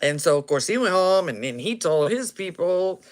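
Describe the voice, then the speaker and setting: A man's voice: high-pitched, expressive, moderate pace. A man casually telling a story, laughing often and acting out what people said.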